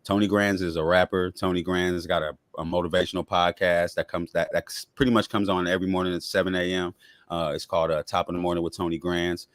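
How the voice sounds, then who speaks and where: A man with a deep voice, a rapper and podcaster talking casually as a guest in an interview. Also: level tone, no echo, clean studio sound. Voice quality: deep voice others remark on. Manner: laid-back, self-promoting, quick-talking.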